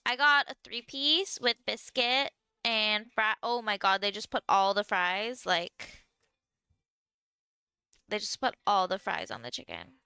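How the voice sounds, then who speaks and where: A woman's voice: mid-range voice, lively intonation, unhurried, bright, forceful tone, smooth, no echo. A young woman streamer chatting casually with viewers while she eats, filling her talk with "like". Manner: chatty, lots of "like", talking while eating. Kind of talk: casual livestream chat.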